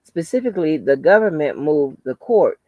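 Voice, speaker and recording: A woman's voice: deep voice, animated, moderate pace, mellow, dry recording. Blunt, profane woman chatting on a live stream. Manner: greets viewers by name, blunt and profane. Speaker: channel host. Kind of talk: casual live-stream chat.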